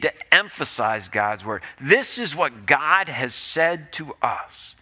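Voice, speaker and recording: A man's voice: medium pitch, very animated, takes it slowly, sharp tone. A male pastor preaching a sermon in an earnest, pleading way, often repeating his phrases.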